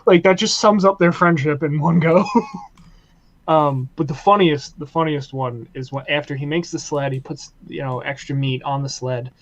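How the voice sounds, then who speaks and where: Man, slightly high voice, casual podcast co-host, animated storytelling, dry dull recording. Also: normal speed. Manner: animated, laughing retelling of scenes. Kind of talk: casual review chat.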